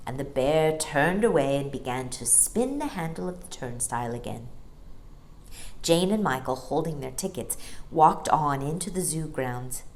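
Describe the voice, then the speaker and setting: A woman reading a children's storybook aloud as a storyteller, expressive and lilting. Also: sits low, moderate pace, a little hiss or hum.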